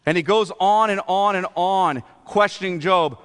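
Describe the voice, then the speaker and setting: A man's voice: high-pitched, measured pace, hardly any pauses, fairly bright tone, clean tone, big-room sound. A man preaching a sermon as pastor, talking in a conversational way and often asking the congregation rhetorical questions.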